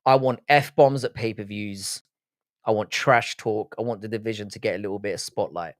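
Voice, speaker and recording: A man on the low side in pitch, speaking at a normal pace, hosts a casual livestream where he reads and answers comments bluntly and with swearing. He has an English accent, was raised in Britain and has Irish roots, and the studio-quality audio has no echo.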